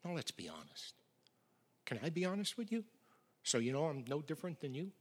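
A middle-aged male pastor preaching a sermon with emphatic swings from loud declarations to near whispers. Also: fairly high pitch, sing-song, brisk, husky.

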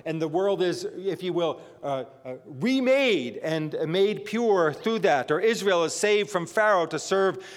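A man's voice: sits high, animated, a little slow, hardly any pauses. A man from northern New Jersey giving a sermon, reading scripture and adding conversational asides. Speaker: preacher. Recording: long reverb of a large hall.

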